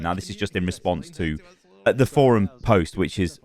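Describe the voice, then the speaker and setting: A man hosting a casual gaming news channel, chatty and animated, laughing at his own asides. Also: low-pitched, normal speed.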